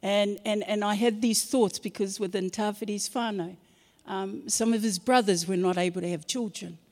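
A middle-aged woman, telling a personal story in an earnest, expressive way. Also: medium pitch, normal speed, long reverb tail. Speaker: guest sharing her testimony.

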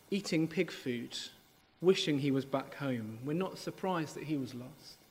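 Preacher in a long-reverb hall. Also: male voice, a little high, husky. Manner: animated, conversational, voices the story's characters when reading. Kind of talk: sermon with scripture reading.

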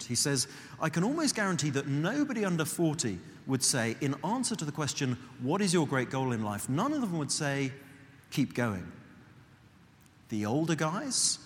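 A man preaching a sermon in a conversational, earnest way, slowing and softening his voice for emphasis. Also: fairly high pitch. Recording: long hall reverb, faint background noise.

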